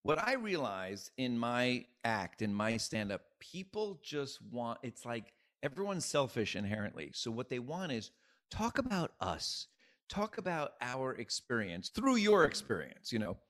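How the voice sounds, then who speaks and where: A male comedian chatting as a podcast guest, animated and quick to jump into bits. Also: mid-range voice. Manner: animated, jumps into bits, restarts. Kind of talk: casual podcast chat.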